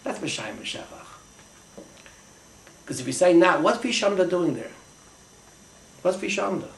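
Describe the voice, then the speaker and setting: A man gives a Talmudic lecture in Yeshivish English, dropping Hebrew and Aramaic terms as he thinks aloud. His voice sits high and swings widely when he gets excited, with a gravelly rasp. The room around him sounds echoey. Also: normal speed. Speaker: Torah teacher. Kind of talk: Talmudic lecture to a small class.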